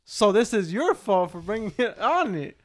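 A man's voice: sits high, big pitch swings, normal speed. A young man co-hosting a podcast, bluntly and casually speaking with lots of slang. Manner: blunt, slangy, says bro a lot. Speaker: podcast co-host. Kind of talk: casual chat.

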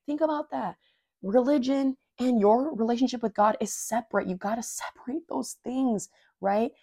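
A woman with a soft, mellow voice hosts a casual devotional podcast. She reads verses aloud, repeats them, and reflects on them in earnest, everyday language. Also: on the high side, moderate pace, dry recording, clean studio sound. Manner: earnest and informal, says "dude" and "like"; openly moved and emotional. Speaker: podcast host.

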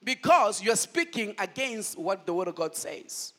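A man whose voice sits high preaches at a measured pace, shooting call-and-response questions at his congregation. The pastor is animated, swinging between booming declarations and hushed asides.

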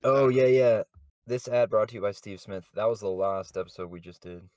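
A man's voice: fairly low pitch, brisk, a little mellow, no echo, studio quality. A man hosting a casual podcast chat, rambling with many fillers and chuckling often. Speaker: podcast host.

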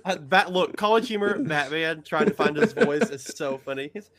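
A young man co-hosting a casual podcast chat, animated and laughing as he acts out scenes. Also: a little high, moderate pace, crowd noise. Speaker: podcast co-host.

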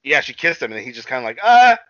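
A man's voice: medium pitch, racing, sharp tone, no room sound. A young man casually recapping a TV episode, rambling, swearing a lot and acting out the characters' lines. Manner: rambling, swears a lot, acts out scenes in quotes. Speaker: podcast co-host recapping a TV episode. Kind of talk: casual chat. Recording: muffled dry recording.

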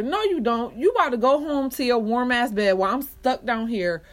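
A woman's voice: a little high, normal speed, hardly any pauses. Young woman, casual profane storyteller, faint hiss in the background. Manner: profane, animated retelling with quoted voices.

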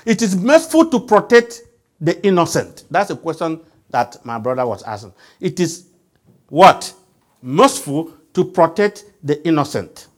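A man's voice: a little high, big pitch swings, measured pace. A man preaching a sermon, emphatic and quizzing the congregation with call-and-response questions.

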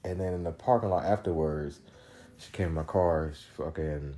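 A man's voice: extremely low pitch, normal speed, dark tone. A man hosting a podcast, telling a story in a casual solo monologue, loose and profane, with many restarts. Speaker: podcast host.

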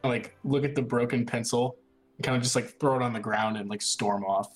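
A man's voice: mid-range voice, fairly even intonation, a little fast, low-quality recording. Guy player narrating his moves, rambly and laughing, music behind. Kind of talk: describing actions in a tabletop game.

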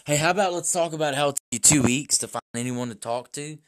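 A man's voice: on the high side, fast talker, dry recording. A young man co-hosting a podcast, joking in slangy casual banter and laughing often. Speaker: podcast co-host. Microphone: call audio with dropouts.

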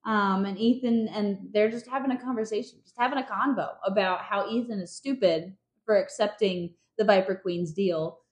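A woman's voice: medium pitch, normal speed, few pauses. A young woman casually recapping book chapters on a podcast, chatty and full of fillers, laughing often. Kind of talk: casual chat. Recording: echoey room.

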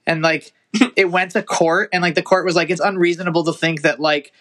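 Young male podcast host, loose profane chat, bright, slightly high voice. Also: steady tone, fairly quick. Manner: rambling, swears a lot, many fillers.

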